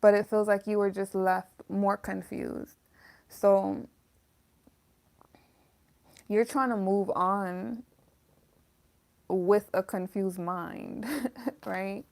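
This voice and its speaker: A woman's voice: medium pitch, fairly even intonation, drawn-out words, creaky, long pauses, darkish tone. A woman giving a casual, emotional tarot reading, talking straight to her viewers with some swearing. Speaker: tarot reader.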